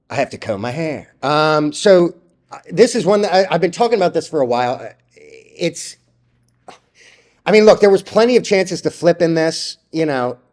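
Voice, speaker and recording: Man, young adult, trading vlogger, blunt, swears, rambles, slightly high voice. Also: darkish tone. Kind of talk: casual ranting commentary.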